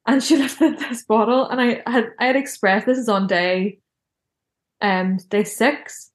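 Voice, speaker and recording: A woman's voice: medium pitch, unhurried. Chatty young woman, echoey room. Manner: chatty, heavy use of "like" fillers. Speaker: guest telling her birth story. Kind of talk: casual personal storytelling.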